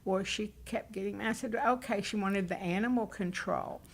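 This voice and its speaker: A woman's voice: mid-range voice, normal speed. A woman, a city hall administrative specialist, telling a work story patiently and with animation on a radio talk show. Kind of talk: casual interview.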